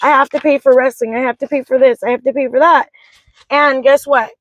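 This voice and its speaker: High-voiced woman venting frankly. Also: fairly even intonation, fairly quick, dry recording, rough recording. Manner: vents in a frank, swearing rush. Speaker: vlogger, mother of three. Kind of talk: emotional vlog rant.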